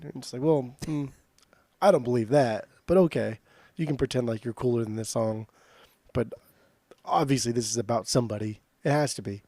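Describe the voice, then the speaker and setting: A man's voice: medium pitch, a little fast, dark tone, no echo. A man co-hosting a podcast in loose casual chat, swearing and saying "dude" a lot. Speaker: podcast co-host.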